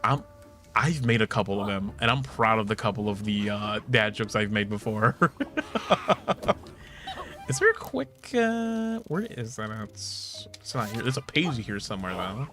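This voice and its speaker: A man's voice: on the low side, sing-song, unhurried, pushed and bright, soft background music. A man in his late twenties chatting casually while streaming a game, joking, swearing and laughing often. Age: 20s. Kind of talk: casual gaming stream chat.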